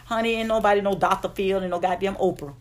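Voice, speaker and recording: A woman's voice: medium pitch, steady tone, quick pace. Blunt, sassy woman ranting advice. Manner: blunt, sassy, profane, keeps calling listeners "honey". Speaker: advice vlogger. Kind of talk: casual advice rant to camera.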